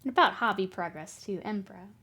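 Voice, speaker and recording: A woman's voice: medium pitch, fast, sharp tone. A woman streaming her miniature painting, chatting casually, laughing often and answering her chat while she works.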